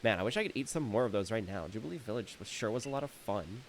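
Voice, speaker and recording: A snobby young woman sounds rueful and a little deflated, voiced by a man reading game dialogue. Her lines are fairly low and quiet. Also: expressive, quick pace, a little hiss or hum.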